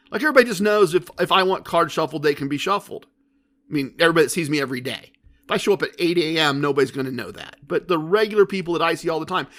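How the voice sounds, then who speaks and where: A man with a high-pitched voice hosts his own podcast and talks through it in a loose, chatty monologue. He tells stories and keeps asking the listener rhetorical questions. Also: fairly bright tone. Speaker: podcast host.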